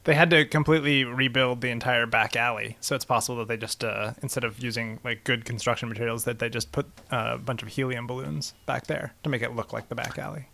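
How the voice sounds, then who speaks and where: A man's voice: medium pitch, steady tone, quick pace, vocal fry, hardly any pauses, sharp tone. A man co-hosting a casual podcast over a call, with dry, laid-back joking. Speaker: podcast co-host.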